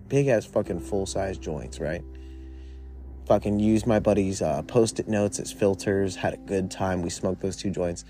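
A young man in his twenties with a lowish voice tells a personal story in a laid-back, rambling way, swearing freely and leaning on fillers. Soft guitar music plays faintly in the background of this casual storytelling.

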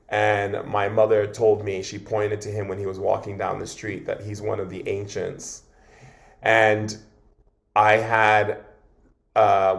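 Man, shaman guest, gravelly voice, fairly low pitch, earnest and rambling, lots of fillers. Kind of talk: storytelling in interview.

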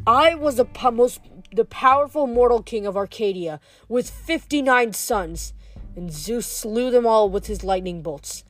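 A woman voicing a menacing male werewolf king, speaking with a low, snarling menace in a read-aloud story. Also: lively intonation, measured pace, faint music behind.

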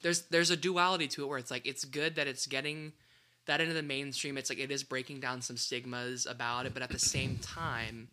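A young man chatting on a podcast with a very bright, forward voice. He rambles along, restarting his sentences and padding them with fillers. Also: mid-range voice, fairly even intonation, a little fast. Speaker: podcast co-host. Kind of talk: casual chat.

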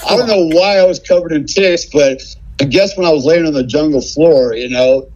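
A man's voice: fairly high pitch, normal speed, a little mellow, highs cut off. A man telling a story as a podcast guest, laughing often and tossing in "man" and "right?". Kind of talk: casual storytelling.

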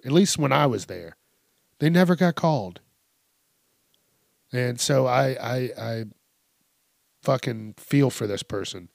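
A male podcast host rambles through a comic story, cursing constantly and breaking into laughter. His pitch sits mid-range, and the sound is dry and close. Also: darkish tone, no echo. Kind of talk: casual comedic monologue.

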